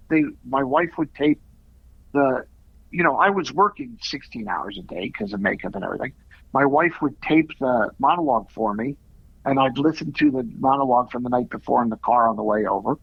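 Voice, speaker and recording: Middle-aged male actor guest, lively storyteller, slightly high voice, dry close mic. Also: creaky, no echo. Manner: animated anecdote-teller, quick asides. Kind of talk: casual interview storytelling. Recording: dull lo-fi audio.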